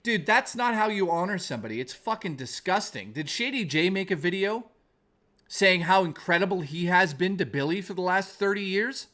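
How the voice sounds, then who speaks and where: A male streamer with a fairly high voice rants heatedly into his mic, swearing and circling back on his points. He reads and answers his viewers' messages between tirades. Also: animated, normal speed, sharp tone. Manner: heated, profane, repetitive ranting. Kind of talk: angry live-stream rant and chat reading.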